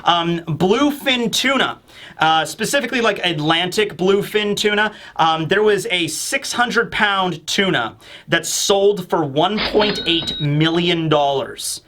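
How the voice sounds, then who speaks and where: A man with a high, bright voice chatting through a manga chapter review. He rambles with lots of fillers and bursts of animation. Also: animated, slow. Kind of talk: casual commentary.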